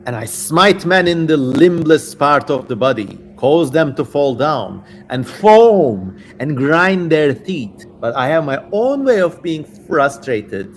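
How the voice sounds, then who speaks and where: A man's voice: a little high, sing-song, slow, few pauses, a little hiss or hum, exaggerated voice. Brief: male dragon demon, three heads, menacing, man reads it, big swings in volume.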